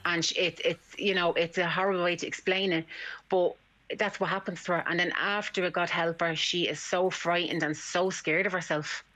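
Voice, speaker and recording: An Irish woman speaks earnestly as a mother on a radio talk show, repeating words as she searches for them. Her voice has a bright, keen edge. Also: fairly low pitch, steady tone, moderate pace, rough recording. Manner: distressed, earnest, repeating herself. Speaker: caller, mother. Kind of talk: radio phone-in conversation.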